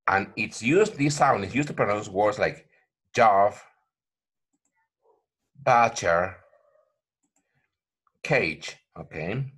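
A man teaching pronunciation in an online lesson, repeating words slowly and calling viewers "my friends". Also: lowish voice, animated, fairly bright tone, husky. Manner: repetitive, addresses viewers as my friends, frequent okay.

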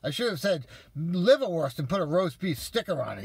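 A man's voice: fairly high pitch, big pitch swings, a little fast, darkish tone, slightly rough, no echo. A man telling viewers an exasperated story in a casual, profane rant. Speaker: vlogger ranting to viewers.

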